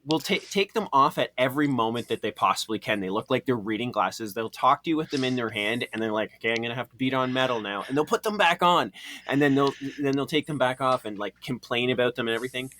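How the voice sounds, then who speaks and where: A man's voice: mid-range voice, quick pace, slight background noise. Rambling male blacksmith podcast co-host. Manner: relaxed, rambling, joking. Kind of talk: casual chat.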